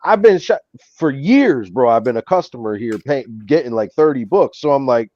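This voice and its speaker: Male host, casual storyteller, animated and swearing, mellow tone, dry lo-fi sound. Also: on the high side, moderate pace, dry recording. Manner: animated, swears, says "bro" a lot. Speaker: show host.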